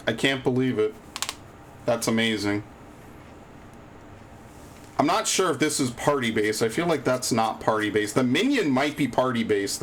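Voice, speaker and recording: A man's voice: mid-range voice, fairly bright tone, a little hiss or hum. Profane, frustrated male game streamer. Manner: profane, easily frustrated, sarcastic. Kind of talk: live gameplay commentary.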